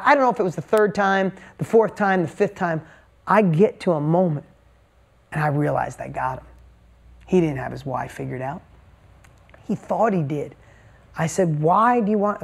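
A middle-aged man giving a motivational talk, telling a story and repeating key points with emphasis. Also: high-pitched. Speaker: motivational speaker.

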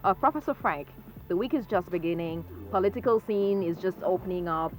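A radio talk show host, brisk, moving between callers and the guest. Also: mid-range voice, faint music behind, rough recording.

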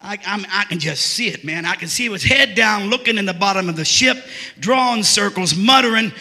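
A man preaching a sermon to a church, folksy and joking, rising often into shouts. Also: sits high, a little fast, long reverb tail.

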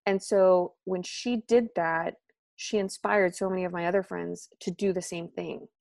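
Creaky-voiced woman, lively podcast guest. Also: moderate pace, dry recording, studio quality. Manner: animated, acts out quoted friends with pitch jumps; filler-heavy, frequent "like" and "um". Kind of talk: casual conversation.

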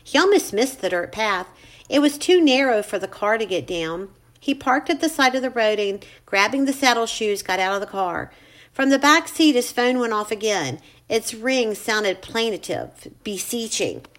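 Female storyteller, measured suspenseful narration, slightly high. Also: animated, fairly bright tone. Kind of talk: scripted narration.

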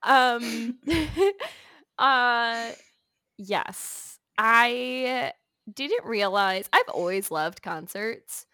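A woman's voice: a little high, lively intonation, extremely slow, sharp tone, no echo. Upbeat young woman co-host, encouraging, dry recording. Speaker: podcast co-host. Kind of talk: casual chat.

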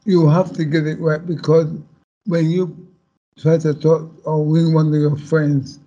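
A man speaking as a panel guest, talking slowly and haltingly with many restarts. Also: fairly high pitch, little pitch movement, dark tone, muffled recording. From Caribbean heritage. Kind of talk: panel discussion.

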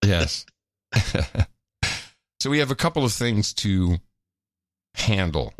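Male co-host, conversational and easygoing, lower-pitched, casual political chat. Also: sing-song, takes it slowly, no echo, studio quality. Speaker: podcast co-host.

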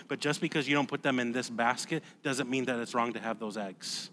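A man preaching a sermon as pastor, conversational and emphatic, dropping to a hush and then rising loud, often repeating words. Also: mid-range voice, fairly even intonation, brisk, hardly any pauses, a little hiss or hum. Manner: emphatic, swings from hushed to loud.

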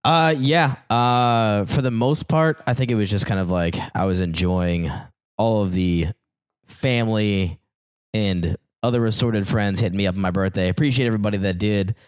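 A man's voice: on the low side, normal speed, smooth, dry recording, clean studio sound. A man co-hosting a podcast in casual chat, rambling with many restarts and laughs. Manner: rambling, stop-start, laughing. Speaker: podcast co-host.

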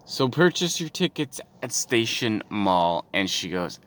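Man, from Canada, profane podcast rant, exasperated, bright voice, in a car. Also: on the low side, big pitch swings, moderate pace, few pauses. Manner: ranting, exasperated, heavy swearing, trailing asides. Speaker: podcast host. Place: in a moving car. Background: faint car noise.

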